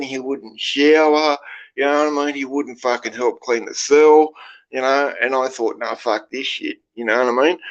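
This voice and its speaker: In a muffled recording, an Australian man with a mid-range voice hosts a livestream and tells prison stories to his chat. He rambles, swears heavily, and keeps tacking "right?" onto his sentences to check in with viewers.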